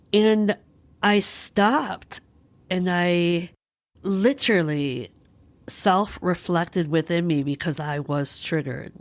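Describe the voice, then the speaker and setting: A woman's voice: fairly low pitch, dry recording. A woman hosting a podcast, talking through a personal experience in a candid, emotional, searching way. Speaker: podcast host. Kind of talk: personal reflective monologue.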